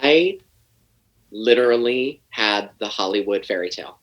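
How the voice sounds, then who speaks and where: A man's voice: fairly low pitch, lively intonation, a little slow, fairly bright tone, rough recording. Guy telling wild work stories, swears a lot, pokes fun at himself, voice jumps all over. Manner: profane, self-mocking, acts out scenes. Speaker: podcast guest. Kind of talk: animated storytelling.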